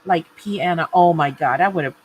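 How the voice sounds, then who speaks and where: A woman's voice: fairly low pitch, moderate pace, a little hiss or hum. A woman hosting a casual craft livestream, chatting and laughing often and greeting viewers by name.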